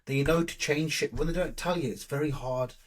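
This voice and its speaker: A young man, a bodybuilding coach, chats casually on a podcast. His voice sits slightly high and comes out husky and breathy. He swears constantly and acts out the back-and-forth of his stories. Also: brisk. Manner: swears a lot and retells stories animatedly, acting out both sides.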